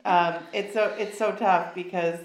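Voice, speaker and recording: A woman's voice: fairly low pitch, steady tone, unhurried. A woman co-hosting a casual podcast, stuffy and nasal from a cold, bubbly and chatty with lots of restarts. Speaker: podcast co-host. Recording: echoey room.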